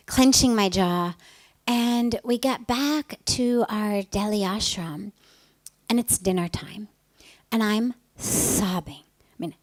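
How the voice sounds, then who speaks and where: A woman spiritual teacher giving a talk, telling a personal story in an earnest, emphatic way that now and then drops to a soft whisper. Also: medium pitch, low-quality recording.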